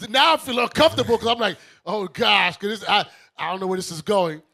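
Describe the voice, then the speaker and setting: A man's voice: high voice, fairly quick. A man telling a story to studio friends in casual talk, acting out every voice in it. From Brooklyn. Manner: animated, acts out both sides of a story. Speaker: bishop, radio show host.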